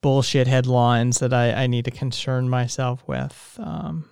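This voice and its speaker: A man's voice: medium pitch, steady tone, measured pace, creaky, a little mellow, clear, resonant tone, no room sound, clean studio sound. A man hosting a casual solo podcast, rambling and tired, with lots of fillers, restarts and casual swearing. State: tired, yawning. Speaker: podcast host.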